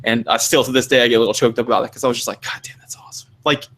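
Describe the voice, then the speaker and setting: A young man chatting on a podcast, blunt and profane, acting out other people in quick asides. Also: medium pitch, steady tone, a bit bright. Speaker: podcast co-host. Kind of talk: casual chat.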